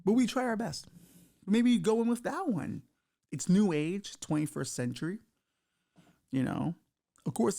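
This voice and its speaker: A man's voice: on the high side, creaky, mellow. A middle-aged man hosting a podcast, delivering a crude, rambling, self-mocking comedic monologue. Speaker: podcast host.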